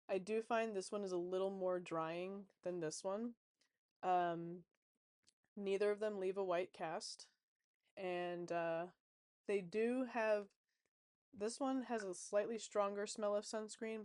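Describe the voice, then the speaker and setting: A woman's voice: medium pitch, darkish tone, dry recording, clean studio sound. A woman in a casual vlog as a tarot reader, chatty and rambling with many fillers.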